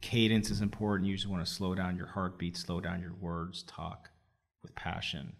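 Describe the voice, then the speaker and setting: Middle-aged male podcast host, low voice, emphatic and coaching. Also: level tone, normal speed, gravelly. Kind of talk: conversational podcast interview.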